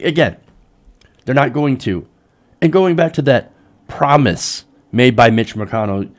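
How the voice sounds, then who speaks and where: A young man giving heated, sarcastic political commentary as host of his own show. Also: fairly high pitch. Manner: heated, sarcastic, mocks politicians in put-on voices.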